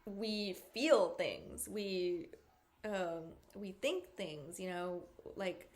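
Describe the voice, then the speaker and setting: A woman's voice: on the low side, animated, very slow. A woman hosting a podcast in a casual chat, rambling and searching for words, with lots of "like" and "you know". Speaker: podcast host.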